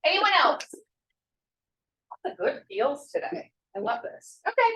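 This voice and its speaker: A woman's voice: sits high, moderate pace, pushed and bright, roomy sound, poor audio. A woman hosting an office team meeting, enthusiastic and encouraging, full of praise for her colleagues. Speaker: host of a real estate team meeting.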